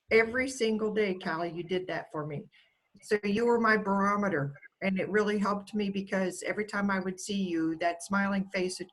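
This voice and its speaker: A woman speaks over a video call, telling fond little stories about a student and quoting her. Her voice sits at an ordinary middle pitch. She tells the stories the way one does in a heartfelt speech. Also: fairly even intonation, brisk, poor audio. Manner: warm storytelling, quotes the student fondly. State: getting emotional. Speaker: school staff member giving an award speech.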